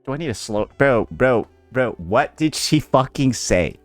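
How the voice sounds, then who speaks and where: A man's voice: medium pitch, lively intonation, measured pace, faint music behind. A man making a blunt, profane gaming reaction video, incredulous and repeating "bro" constantly. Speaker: gaming YouTuber.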